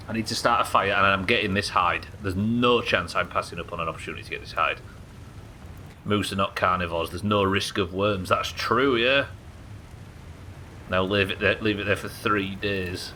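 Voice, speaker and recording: A man commentating his own live game stream, excitable, swearing and talking to his chat. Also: low-pitched, fairly quick, a little hiss or hum.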